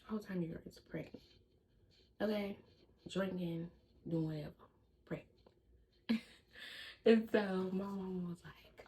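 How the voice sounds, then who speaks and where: Young woman, vlogger, chatty storytime, fairly low voice, faint background noise. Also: measured pace, pauses often, rough recording. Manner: lively, chatty storytelling that addresses viewers as "y'all". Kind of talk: casual storytime.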